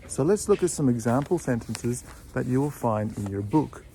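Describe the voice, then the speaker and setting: A man's voice: mid-range voice, lively intonation, mellow. Patient male English teacher. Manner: patient, repeats example phrases slowly. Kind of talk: video lesson. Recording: faint background noise with birdsong.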